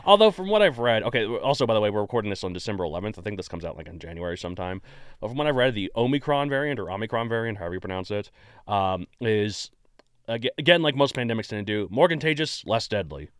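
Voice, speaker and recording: A man's voice: lowish voice, very animated, fast, no echo, studio quality. A man hosting a podcast in a casual, jokey, playful chat. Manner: jokey, playful, self-mocking. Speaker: podcast host.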